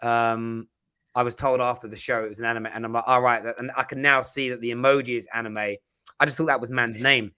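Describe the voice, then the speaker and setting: A man's voice: medium pitch, flat delivery, brisk, bright, forceful tone, smooth. A man hosting a football live stream in casual chat, often stumbling and repeating words.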